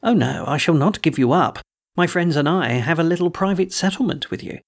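A man voicing a courteous, quietly threatening old gentleman villain in a storybook reading. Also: on the high side, animated, brisk, vocal fry. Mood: silkily menacing.

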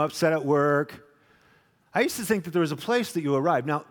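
A middle-aged man preaching a sermon to a congregation, swinging between loud animated questions and quiet confessional lines. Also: medium pitch, in a large hall. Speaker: pastor. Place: church hall with congregation.

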